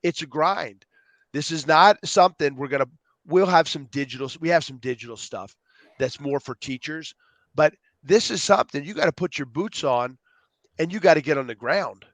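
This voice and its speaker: An animated man guesting on a podcast, sliding into playful voices as he acts out what people say. His voice sits a little high for a man, and the sound is close and dry, with no room around it. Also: moderate pace, dry recording. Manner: animated storyteller, acts out quotes. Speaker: guest, youth program co-founder. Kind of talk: podcast interview.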